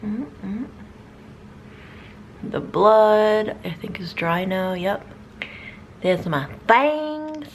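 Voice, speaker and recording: A woman's voice: mid-range voice, extremely slow, long pauses, slight background noise. A woman vlogger giving a casual step-by-step makeup tutorial, chatty and full of filler words.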